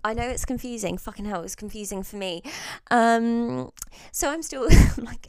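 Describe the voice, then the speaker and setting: A woman's voice: mid-range voice, expressive, moderate pace, gravelly, darkish tone, no room sound. A young adult woman vlogger telling a holiday story in a casual, chatty way, swearing freely and laughing between sentences.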